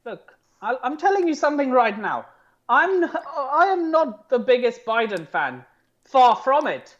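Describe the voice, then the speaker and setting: Sarcastic London man, slow, lo-fi. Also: very high voice. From United Kingdom. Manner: sarcastic, animated. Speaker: co-host. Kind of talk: casual political chat. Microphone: headphones and desk mic. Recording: dull lo-fi sound.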